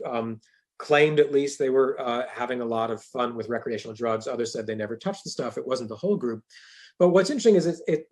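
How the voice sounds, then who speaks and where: A male professor giving a university lecture in a conversational way, with dry humorous asides. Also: medium pitch.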